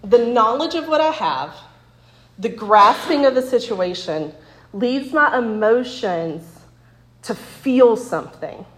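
A woman's voice: on the high side, expressive, slow, fairly bright tone. A woman in her forties giving a casual, chatty Bible talk with stories, often laughing and asking "right?", recorded in an echoey room. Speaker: women's Bible study speaker.

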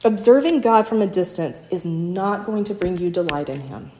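A woman's voice: fairly low pitch, lively intonation, moderate pace, mellow, slight background noise. A woman, giving a sermon and telling stories with little acted quotes, often asking "right?". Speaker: speaker teaching a church talk. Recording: echoey room.

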